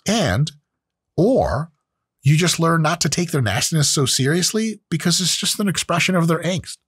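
A man's voice: a little high, lively intonation, moderate pace, fairly bright tone, breathy edge, no room sound, clean studio sound. A man in his late thirties hosting his own show, talking in a blunt, profane, casual solo monologue. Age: late 30s. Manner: blunt and profane, with acted-out quotes. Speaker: host.

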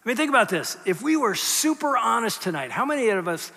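High, bright-voiced man preaching in a church. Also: very animated, fast, big-room sound. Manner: conversational, swings between hushed and emphatic. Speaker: pastor. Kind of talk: sermon. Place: church sanctuary.

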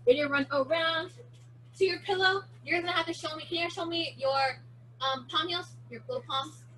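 A teenage girl runs a kids' martial arts challenge over a video call, playful and chatty as she explains each step. Her voice is very high and bright, with a faint hum behind it. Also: normal speed. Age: teen. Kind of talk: virtual kids' class instruction.

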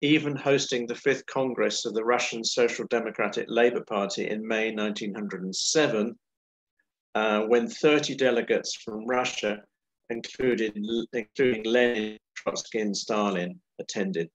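A man giving an illustrated history lecture from his slides, with wry, unhurried commentary. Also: on the low side, low-quality recording.

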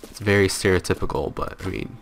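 A man's voice: deep voice, a little fast, slight background noise. A young man hosting a let's play, playful and self-mocking as he talks to viewers at his computer. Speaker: gaming channel host.

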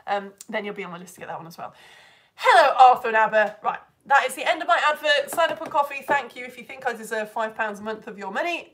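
A woman's voice: mid-range voice, a bit bright. A young woman teaching online, chatting with viewers on a live stream, bubbly and laughing often as she greets people by name. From United Kingdom.

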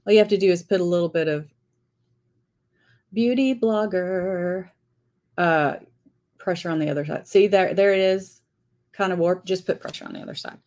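A woman's voice: lowish voice, normal speed, long pauses, darkish tone. A woman teaching a live-streamed lettering class, chatting and greeting viewers by name as she writes.

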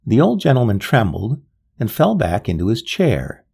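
A man narrating a gothic tale in a measured, dramatic way. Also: huge pitch swings, creaky, mellow, slightly rough. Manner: measured, dramatic, with wide swings of pitch. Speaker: storyteller.

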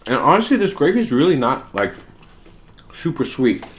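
A woman's voice: rumbling low, very animated, normal speed, a little hiss or hum. A woman eating on camera with her child, chatting casually and coaxing between bites. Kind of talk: casual eating vlog chat.

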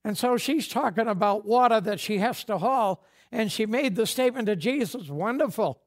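New england pastor guy, highish voice, folksy sermon, acts out dialogue. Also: normal speed.

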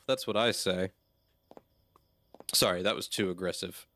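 A man's voice: deep voice, normal speed, long pauses, fairly bright tone. A man playing a horror game and talking through it aloud, easily startled and swearing often. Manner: jumpy, swears a lot, reacts aloud. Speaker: gamer.

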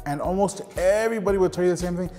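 A man's voice: high voice, racing, warm tone, long reverb tail, soft background music. A middle-aged man who teaches ceramics tells earnest stories in a documentary interview. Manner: earnest, storytelling with gestures.

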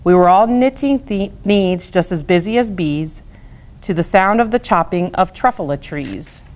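A woman from a school staff reading a rhyming children's book aloud in a steady, rhythmic way. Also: fairly low pitch, moderate pace, a little hiss or hum.

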